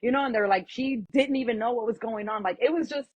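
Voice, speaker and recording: A woman guest telling a story in casual chat, animated and full of "like", acting out what others said. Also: a little high, fast, dry recording, lo-fi sound. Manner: animated, acts out quoted voices, lots of "like". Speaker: podcast guest.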